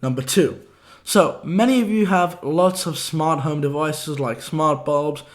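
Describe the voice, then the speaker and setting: A young man with a hoarse voice hosting a casual tech tips vlog, breezy and slangy in quick-fire delivery. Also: a little high. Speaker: tech video host.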